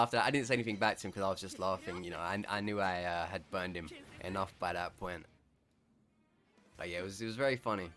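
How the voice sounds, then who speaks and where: A man's voice: lowish voice, pushed and bright. A man casually telling an amused story over gameplay, often chuckling as he talks. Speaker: gaming content creator.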